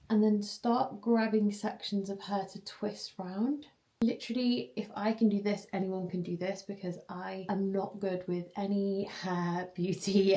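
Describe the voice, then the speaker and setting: A young woman talks straight to her viewers in a relaxed, chatty vlog. She is giggly and breaks into quick bursts of excitement, with a voice of ordinary pitch. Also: echoey room. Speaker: vlogger and personal trainer. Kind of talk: casual vlog chat.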